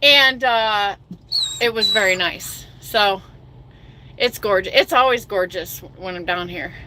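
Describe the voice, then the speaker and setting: A woman's voice: medium pitch, takes it slowly, pushed and bright, slight background noise. A middle-aged woman trucker hosting a casual livestream chat, self-mocking and reading viewer comments aloud.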